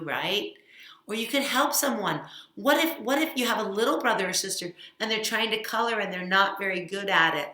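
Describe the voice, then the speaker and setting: Animated children's teacher, woman, bright and coaxing, echoey room. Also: on the low side. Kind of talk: children's church lesson. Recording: roomy echo.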